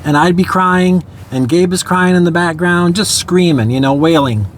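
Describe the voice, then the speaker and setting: A man's voice: on the high side, moderate pace. Young guy talking about his life, candid, lots of "you know" and little laughs, faint traffic noise outside. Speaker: storyteller sharing his life story. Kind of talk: casual spoken memoir.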